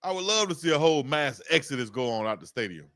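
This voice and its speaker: A man hosting a live fan play-by-play stream, excitable and slangy, shouting and cursing as he calls the game. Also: medium pitch, fast, dry recording, studio quality.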